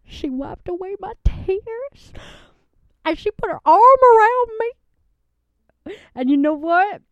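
A woman's voice: very high voice, animated, slow pace, darkish tone, no room sound, voice pushed up, heavily acted. A woman playing a folksy, lovestruck woman who rambles, gushes and gets tearful in a comedy bit. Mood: giddy tearful. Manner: rambling, gushing, tearful, dialect-heavy. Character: folksy lovestruck Southern woman, giddy and emotional. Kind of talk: improvised comedy character bit. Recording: dull lo-fi recording.

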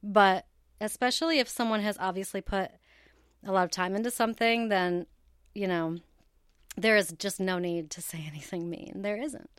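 A woman's voice: mid-range voice, steady tone, moderate pace, clean tone, no room sound, clean studio sound. A woman hosting her own podcast, chatting casually and bubbly, laughing often as she talks. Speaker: podcast host. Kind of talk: casual solo podcast chat. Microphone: headphones with cable, home recording setup.

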